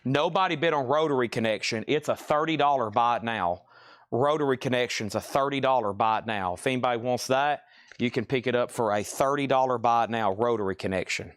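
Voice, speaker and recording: A man running a live record sale, reeling off titles, conditions and prices in a quick, practical patter. His voice sits at a middling pitch and the sound is dry and close, with little room around it. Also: fairly bright tone, clean tone, dry recording. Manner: brisk, matter-of-fact listing of items and prices. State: briefly out of breath. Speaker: livestream record sale host.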